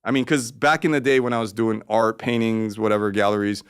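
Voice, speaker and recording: A man, an artist guest, telling a story in casual, rambling talk, cursing freely and getting animated. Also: fairly low pitch, brisk, smooth.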